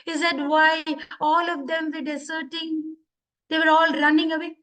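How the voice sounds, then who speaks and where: A woman's voice: high-pitched, level tone, normal speed, a bit bright, poor audio. A woman voicing a heartbroken, abandoned city. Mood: fearful. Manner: lamenting, dramatic rising outcries. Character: personified city, anguished and abandoned. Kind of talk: live storytelling.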